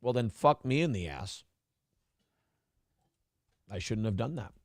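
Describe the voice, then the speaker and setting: A man's voice: lowish voice, animated, measured pace, no room sound, studio quality. A man hosting a casual show, joking crudely, laughing often and reading viewer chat messages aloud. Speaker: morning show host.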